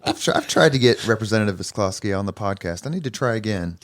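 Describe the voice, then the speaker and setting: Smooth low-voiced male host. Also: lively intonation, fast talker, no room sound, studio quality. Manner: conversational, asks follow-up questions. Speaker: podcast host. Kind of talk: interview questions.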